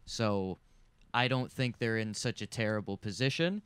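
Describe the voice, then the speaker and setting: A man talks hockey in a low, very smooth voice, measured and reasoned. The sound is dry and close. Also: a bit bright, no echo. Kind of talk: hockey analysis.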